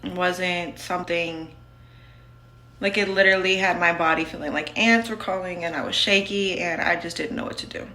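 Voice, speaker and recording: A woman's voice: on the low side, steady tone, moderate pace, bright, forceful tone, echoey room. A woman telling her own story in a casual, candid, blunt way, full of "like". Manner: candid and blunt, with many fillers of "like".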